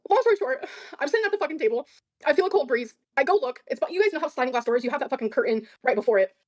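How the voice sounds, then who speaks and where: Rapid-fire profane woman storyteller. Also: sits high, lively intonation, dry recording. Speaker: guest on a stream. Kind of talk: casual storytelling in a stream clip.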